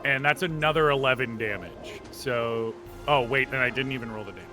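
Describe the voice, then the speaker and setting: A man's voice: mid-range voice, brisk, music in the background. A man playing a tabletop role-playing game, chatting about dice rolls and jumping into character bits. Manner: animated, laughing, slips into shouty character bits. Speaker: player. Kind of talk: tabletop role-play banter.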